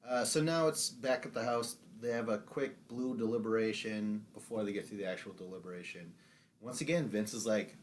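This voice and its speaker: A man's voice: on the low side, slight background noise. Profane laughing podcast man. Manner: loose, profane, quick to laugh, does mocking impressions. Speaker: podcast co-host. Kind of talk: casual podcast chat.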